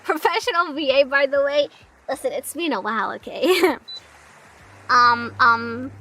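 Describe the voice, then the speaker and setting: Giggly high-voiced young woman streamer. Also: sharp tone, low-quality recording. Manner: playful, giggly, quick self-deprecating banter. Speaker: streamer, part-time voice actor. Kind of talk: casual live-stream chat.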